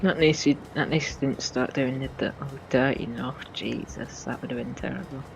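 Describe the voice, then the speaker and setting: A man co-playing on a live stream, teasing in casual chat with a gravelly voice. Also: mid-range voice, steady tone, brisk, a little hiss or hum. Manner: teasing, mock-warning. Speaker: co-player on stream.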